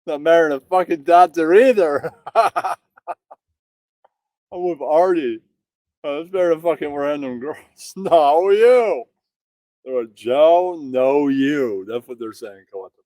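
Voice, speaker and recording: Slow crude host guy, dry close voice, sounds incredulous. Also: fairly high pitch, lively intonation, a little mellow, dry recording. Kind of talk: comedic talk show banter.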